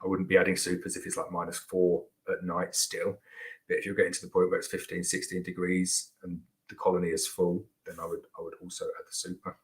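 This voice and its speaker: Low-voiced man chatting about beekeeping. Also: monotone, brisk, low-quality recording. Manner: chatty, rambling, frequent restarts and "like" fillers. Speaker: beekeeper host answering viewer questions. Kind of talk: casual live Q&A chat.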